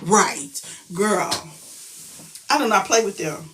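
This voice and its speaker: A middle-aged woman tells a story about her daughter in a loud, profane, emphatic, animated way. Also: mid-range voice, takes it slowly, a little hiss or hum. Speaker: mother telling a story. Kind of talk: casual storytelling vlog.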